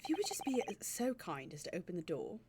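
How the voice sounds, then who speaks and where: A woman's voice: on the low side, very animated, a little fast, noisy background. Pompous great detective, male, in a hammy put-on English accent, voiced by a woman reading a game aloud. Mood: grandiose. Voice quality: theatrical, grandiose. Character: pompous self-proclaimed great detective man. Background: game music.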